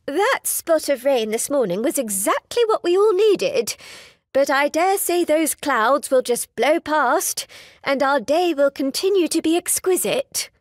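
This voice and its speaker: A woman's voice: high-pitched, lively intonation, a little slow, no echo, studio quality. A woman voicing a fond, chatty, genteel middle-aged mother in an audiobook, with fussy society chatter.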